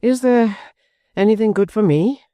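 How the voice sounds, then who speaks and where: A man voicing an anxious, fussy actor with a high, plaintive delivery. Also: normal speed, warm tone, dry recording, clean studio sound, close to an everyday voice. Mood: fretful.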